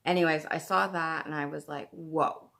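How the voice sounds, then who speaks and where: A woman with a very low, gravelly voice hosts a casual craft podcast from home. She talks in a gushing, excitable way. She is from Canada. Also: fairly quick. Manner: chatty and gushing, breaks into excited laughter. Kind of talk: casual chat.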